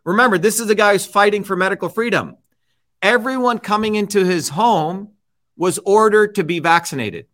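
A man's voice: sits high, moderate pace, a bit bright. A man hosting a show, giving heated, combative political commentary and repeating his points with "okay?". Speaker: host.

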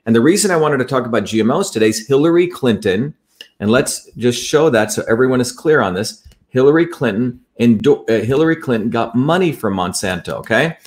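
A man's voice: mid-range voice, expressive, a little fast, a little mellow. A man presenting to an online audience in a heated talk, emphatic and accusatory, often restarting his sentences.

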